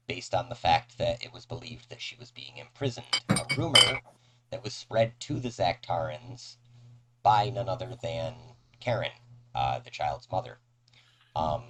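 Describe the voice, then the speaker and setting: A man's voice: low voice, a bit bright, slight background noise, poor audio. A man narrating as game master of a tabletop game, casual and hesitant with many fillers.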